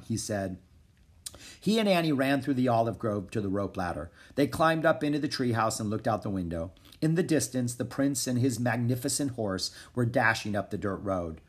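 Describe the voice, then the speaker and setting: A man with a husky, slightly breathy voice narrates a children's chapter book. His reading is expressive, with pitch that rises and falls freely across each sentence. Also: moderate pace. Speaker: audiobook narrator. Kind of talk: storybook read-aloud.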